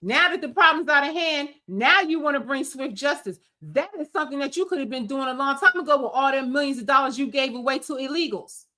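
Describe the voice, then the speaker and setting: A woman's voice: high-pitched, fairly quick, few pauses, pushed and bright. A woman streamer giving heated, scolding political commentary in an emphatic rant. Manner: angry, scolding, emphatic rants.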